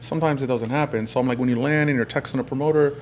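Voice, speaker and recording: A man's voice: mid-range voice, fairly even intonation, a little hiss or hum. A man who manages artists, hosting a podcast and giving practical advice in a casual conversation. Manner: advising, talks fast and at length.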